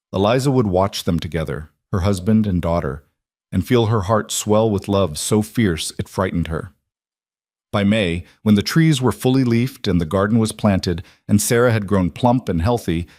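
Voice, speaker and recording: A man narrating a western story in a steady, measured manner. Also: lowish voice, no room sound, clean studio sound.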